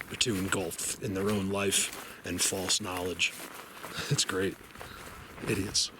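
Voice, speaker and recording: A man's voice: low-pitched, little pitch movement, slow. A man vlogging on foot in a forest, rambling and defiant, chuckling at his own jabs, at times out of breath. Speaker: outdoor vlogger. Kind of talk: casual walking vlog to camera. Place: outdoors in a forest. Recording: noisy outdoor camera audio.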